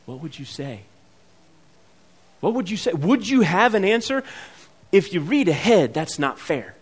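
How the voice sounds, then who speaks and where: A man's voice: sits high, big pitch swings, normal speed, husky. A man preaching a sermon in a church, talking conversationally to the congregation. He acts out the voices in the passages and builds to emphatic peaks. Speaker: pastor. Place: church sanctuary.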